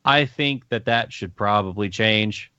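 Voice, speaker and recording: A man's voice: lowish voice, a little slow, bright, forceful tone, smooth, no room sound. A man co-hosting a gaming podcast in casual chat, earnest and rambling, often repeating his phrases. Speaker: podcast co-host. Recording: dull lo-fi mic.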